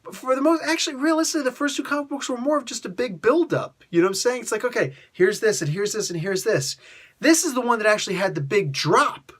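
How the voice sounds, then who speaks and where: Animated man ranting in a review. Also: very high voice, fast talker. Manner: animated, exasperated ranting with mock outbursts; heavy use of filler "like" and "you know". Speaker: comic book reviewer. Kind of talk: casual spoken review.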